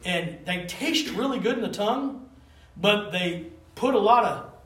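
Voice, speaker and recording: A man preaching a conversational sermon to a small group. He talks in an animated, rambling way and keeps asking the listeners for answers. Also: high-pitched, a little slow. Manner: animated, rambling, calls for responses. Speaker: pastor. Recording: roomy room, voice from a distance.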